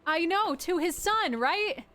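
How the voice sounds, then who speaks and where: A woman's voice: extremely high pitch, expressive, slow, a bit bright. A woman streaming a game, chatting and reacting aloud, swearing casually as she reads what she finds. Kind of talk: live game commentary.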